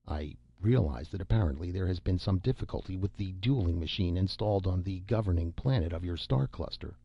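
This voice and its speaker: A man's voice: deep voice, lively intonation, a little fast, creaky, slightly rough, no room sound, full character voice. A man voicing a thoughtful older male scientist in an audiobook, mild and academic. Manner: mild, academic, politely insistent. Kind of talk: scripted audiobook narration. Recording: dull lo-fi recording.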